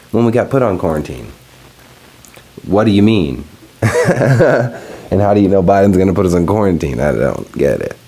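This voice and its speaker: Deep-voiced man rambling on a solo podcast. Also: lively intonation, moderate pace, long pauses, dark tone, husky. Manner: loose, profane, storytelling with laughs. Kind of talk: casual solo podcast rant.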